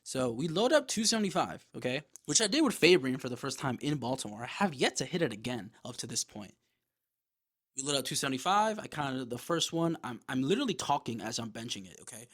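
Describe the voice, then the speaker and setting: A man hosting a podcast, telling a story in a casual, animated way, with lots of swearing and quick asides. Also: medium pitch. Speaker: podcast host.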